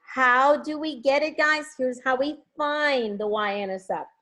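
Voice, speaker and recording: A woman teaches an online class from home on a video call, her voice sitting a bit high. She talks through each step and keeps coaxing her students to answer in the chat. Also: unhurried, bright, forceful tone. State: has a headache.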